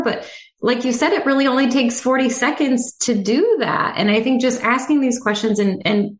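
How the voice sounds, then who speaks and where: A woman speech-language pathologist in a casual conversation, speaking earnestly and reflectively with frequent fillers. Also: mid-range voice. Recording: echoey room.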